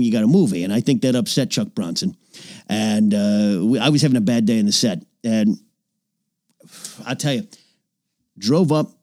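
Recorded with studio quality and no echo in a small home recording nook, an older man voices a bragging old-Hollywood producer who hosts a comedy podcast. His tone sits close to an everyday voice as he rambles, drops names, and now and then lowers into confidential mutters.

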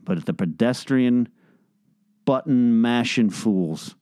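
Exasperated man ranting, smooth dry voice. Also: lively intonation, takes it slowly, mellow, dry recording. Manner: exasperated, sarcastic, mimics beeping in a high squeal. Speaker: podcast host. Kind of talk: comedic solo rant. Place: home bedroom.

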